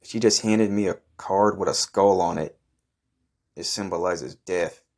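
A man's voice: deep voice, a little slow, a little mellow. A man telling a crude comic story in the first person, brash and swaggering, who swears a lot and bursts into outrage. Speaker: comedy podcast host.

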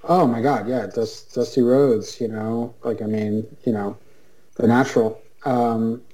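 Mellow-toned male guest, casual video-call chat, loose and rambling delivery. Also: medium pitch, low-quality recording. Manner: rambling, with many restarts and fillers. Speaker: guest, writer.

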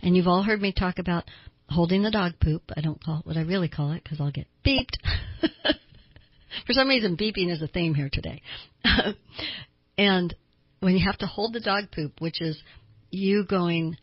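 A woman's voice: lowish voice, normal speed, pauses often, slightly rough, no echo, lo-fi sound. A woman hosting a self-help talk show, giving advice to listeners in an emphatic way and repeating words for stress.

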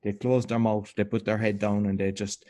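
A man interviewing a guest in a relaxed conversation, reflective and encouraging, sometimes repeating words. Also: on the low side, normal speed.

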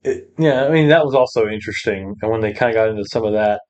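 A man's voice: fairly low pitch, quick pace, a little mellow, lo-fi sound. A man co-hosting a podcast, talking about a film in a hesitant way with many restarts. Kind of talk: casual film discussion.

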